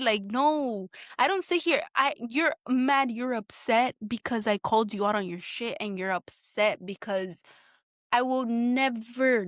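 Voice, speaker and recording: A woman's voice: on the high side, dry recording, clean studio sound. Blunt, foul-mouthed woman venting. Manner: blunt, heavily profane venting; emotional, repeats herself while searching for words. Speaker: podcast host. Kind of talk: candid solo podcast monologue.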